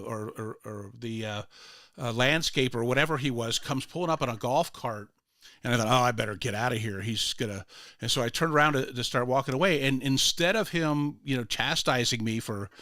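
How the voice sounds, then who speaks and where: An older male radio host with a bright, pushing voice chats casually on a morning show. He rambles and restarts his sentences as he tells a story. The mic is close and dry. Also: medium pitch, no echo.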